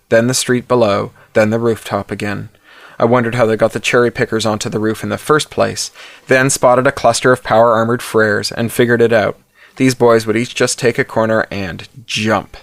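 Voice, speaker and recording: Low-voiced man reading a story. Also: a bit bright, no room sound. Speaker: audiobook narrator. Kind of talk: scripted story narration.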